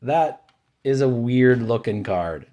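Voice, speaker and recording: Man, mid-pitched, slow unhurried delivery; casual host commentary over pack openings, offhand and opinionated. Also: lively intonation, mellow, a little hiss or hum. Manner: offhand, names each card as it turns up, grumbles and cheers by turns. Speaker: card collecting channel host. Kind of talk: casual running commentary while opening card packs.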